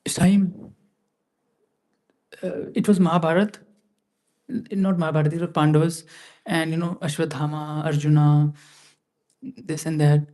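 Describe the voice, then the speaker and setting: A man leading a scripture class, chanting Sanskrit verses slowly and then explaining them casually with many fillers. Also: a little high, flat delivery, a little mellow. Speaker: class speaker.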